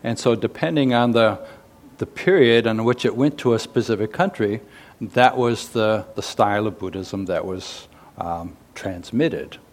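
Male monk, somewhat low pitch, measured dharma talk broken by frequent "uh" pauses. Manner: halting, with many "uh" and "um" pauses. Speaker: Buddhist monk.

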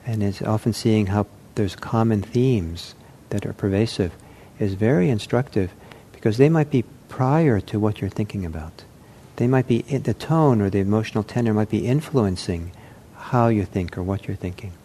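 A man giving an unscripted meditation talk, speaking in a gentle, reflective way with frequent pauses and restarts. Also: lowish voice, slight background noise. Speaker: meditation teacher.

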